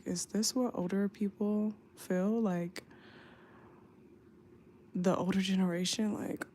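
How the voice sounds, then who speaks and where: Young woman, worn out and aching, drawling late-night livestream chat into her phone, with a gravelly edge. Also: mid-range voice, darkish tone, a little hiss or hum. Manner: slow, tired, drawling talk with lots of fillers. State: sleepy and in back pain. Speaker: flight attendant livestreamer. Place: home at night. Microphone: phone mic, off screen.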